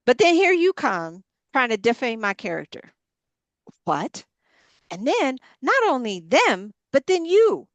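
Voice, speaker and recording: A woman's voice: high voice, very animated, measured pace, no echo. A woman who leads a ministry and coaches women, giving a preaching-style motivational talk. She speaks emphatically and builds her points in punchy, repeated parallel lines. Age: adult mother of grown girls.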